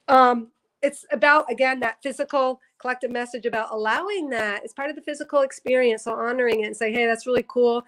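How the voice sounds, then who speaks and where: A woman with a slightly high voice hosts a spiritual livestream, talking earnestly to her viewers. She rambles, corrects herself mid-sentence and sounds moved to the edge of tears. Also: a bit bright, low-quality recording. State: teary, emotional. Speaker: psychic reader on a livestream. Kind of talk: casual spiritual livestream talk.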